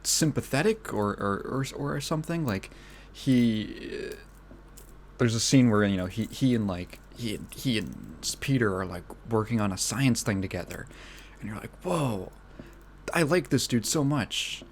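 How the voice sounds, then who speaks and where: Guy with a lowish voice rambling on his podcast, lots of likes and uhs, keeps clearing his phlegmy throat. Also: lively intonation, moderate pace, a little hiss or hum. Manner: rambling, lots of fillers and restarts. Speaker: podcast host. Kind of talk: casual solo podcast chat.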